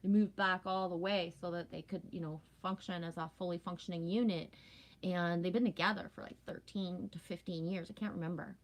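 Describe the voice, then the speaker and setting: A woman's voice: lowish voice, fairly even intonation, fairly quick. A woman from Canada in her forties, chatting casually with viewers in a rambling, talkative way, often asking "right?". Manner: rambling, talkative, frequent "right?" and "you know what I mean". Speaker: live stream host.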